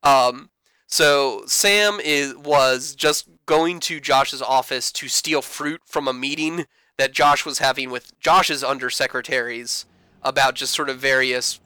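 A man in his thirties chats through an episode recap, slipping into playful voices for the characters. His voice is bright and smooth. It sounds close and dry, with no room echo. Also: mid-range voice, a little slow. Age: 30s. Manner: animated, acts out characters in quoted voices, swears. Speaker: podcast co-host. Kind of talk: casual recap chat.

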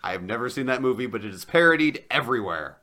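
A man's voice: mid-range voice, animated, fast, bright, forceful tone. A young adult man co-hosting a comedic debate, lecturing earnestly and with enthusiasm. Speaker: podcast co-host.

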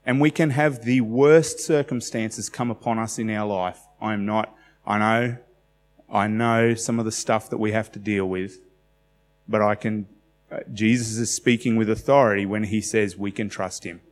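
A man's voice: on the low side, fairly even intonation, normal speed, big-room sound. A man in his forties with an Australian accent, preaching a sermon in a conversational way and asking the congregation questions. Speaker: pastor.

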